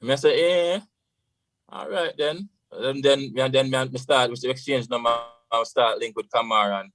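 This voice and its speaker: A man's voice: mid-range voice, normal speed, a bit bright, no room sound, poor audio. A Jamaican man, a radio guest, tells a long story in a loose, casual way, slipping into patois and saying "you know" often. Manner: rambling, full of "you know" and patois phrases.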